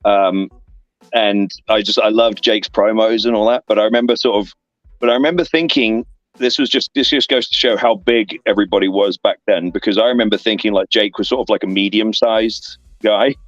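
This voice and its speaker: Rambling lower-voiced English man telling stories. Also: brisk, no echo, muffled recording, faint music behind. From England. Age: 30s. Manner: rambling, filler-heavy anecdotes with lively voiced asides. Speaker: guest, professional wrestler. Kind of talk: casual storytelling interview. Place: online interview stream.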